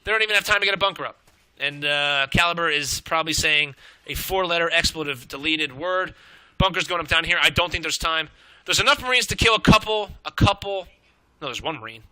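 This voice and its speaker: A young man commentating a strategy game match, excitable and out of breath, swearing and rambling as he calls the play. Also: on the high side, fairly quick, clean tone, dry recording.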